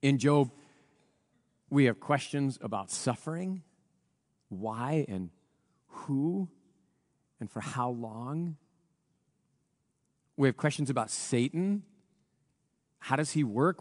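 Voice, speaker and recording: Male pastor, mid-pitched, earnest reflective preaching, voice a touch rough. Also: darkish tone, big-room sound. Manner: earnest, reflective, with pauses and restarts. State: voice a little rough from recent strain. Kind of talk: sermon.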